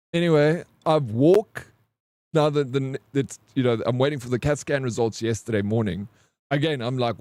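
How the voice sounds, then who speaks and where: A man's voice: mid-range voice, dark tone, dry recording. Swearing streamer man, says "bro" a lot. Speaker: live streamer. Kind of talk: casual live-stream storytelling.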